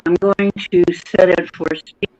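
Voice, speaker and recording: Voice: mid-range voice, level tone, unhurried, darkish tone, highs cut off. A podcast host on a video call, thinking aloud while fumbling with stream settings in casual chat. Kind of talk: casual live-stream tech troubleshooting.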